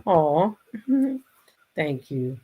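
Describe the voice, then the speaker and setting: A woman hosting a casual commentary stream, reacting to a clip with exclamations. She speaks straight to her viewers in an animated, chatty way. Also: deep voice, drawn-out words, husky, phone-quality sound. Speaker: host.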